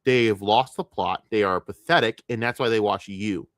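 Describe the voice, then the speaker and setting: Male streamer, low voice, furious profane rant, dry close sound. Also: moderate pace, a bit bright, dry recording. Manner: angry, profane, emphatic. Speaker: streamer reacting to clips. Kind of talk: heated commentary rant.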